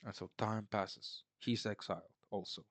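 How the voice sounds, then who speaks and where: A man's voice: fairly low pitch, fairly even intonation, normal speed, fairly bright tone, no room sound. A man casually recapping a film in a rambling, sarcastic way, mocking the characters. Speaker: film reviewer.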